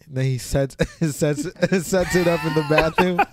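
A man's voice: a little high, a little slow, heavy background noise. A young man co-hosting a podcast, telling stories in a laid-back way and laughing mid-sentence. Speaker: podcast co-host. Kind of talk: casual chat.

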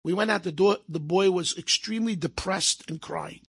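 A man telling stories to an audience in a lively way, acting out the people in them and slipping in Hebrew phrases. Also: sits high, a little fast, slightly rough. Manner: lively, acts out quoted speech, sprinkles Hebrew phrases. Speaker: storyteller. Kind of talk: animated storytelling to an audience.

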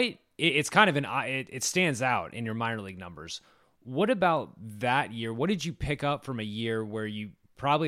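A man's voice: fairly low pitch, fairly bright tone, dry recording. Stat-minded male interview host, dry sound. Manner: detailed, stat-heavy questioning. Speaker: podcast host. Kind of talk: interview questions.

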